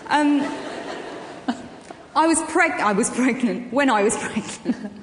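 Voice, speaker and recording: A woman telling anecdotes on stage in an interview, full of ums and quick laughs. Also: fairly high pitch, expressive, slight background noise. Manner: chatty anecdotal storytelling with frequent ums and laughs. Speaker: guest actress and comedian. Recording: echoey hall with long reverb, faint ambience.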